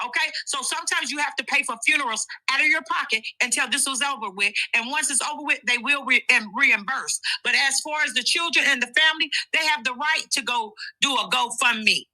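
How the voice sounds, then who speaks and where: A woman's voice: high voice, a little fast, hardly any pauses, pushed and bright, rough recording. A woman co-hosting a casual livestream chat, explaining emphatically and addressing the listeners directly.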